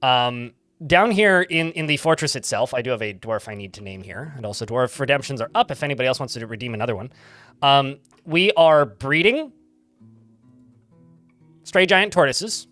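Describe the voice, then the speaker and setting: A man's voice: medium pitch, lively intonation, moderate pace, fairly bright tone, no echo, faint music behind. A man casually chatting to his live-stream chat while playing a game, rambling and laughing easily.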